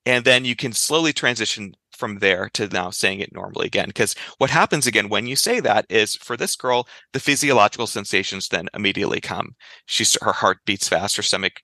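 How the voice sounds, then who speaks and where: A man speaking as a clinical psychologist guest in a conversational interview, explaining in a lively way and giving examples. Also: lowish voice, a little fast, dry recording.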